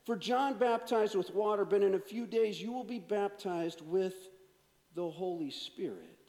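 A man preaching a sermon as a pastor, swinging from energetic to hushed delivery. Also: high-pitched, unhurried, long reverb tail.

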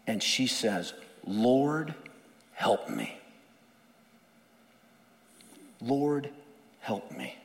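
A man's voice: mid-range voice, in a large hall. A male pastor preaching a sermon in an earnest, emphatic way, often repeating words.

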